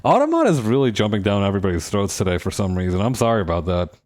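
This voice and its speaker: A man's voice: on the low side, fast. A man playing a role-playing video game, joking and laughing as he comments on his choices. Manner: animated, joking, laughs often. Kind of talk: casual let's-play commentary.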